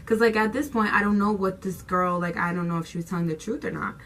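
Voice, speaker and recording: A woman's voice: on the low side, fast, slight background noise, poor audio. A young woman vlogger telling a storytime tale in slangy, casual talk, swearing freely and acting out what people said. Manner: animated, slangy, swears freely, acts out quotes.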